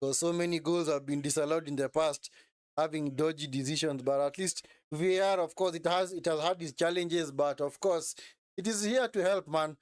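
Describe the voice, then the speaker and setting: High-voiced man streaming a match reaction. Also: normal speed, dry recording. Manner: animated, repeats phrases, says "man" often. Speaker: watch-along streamer. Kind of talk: live match reaction commentary.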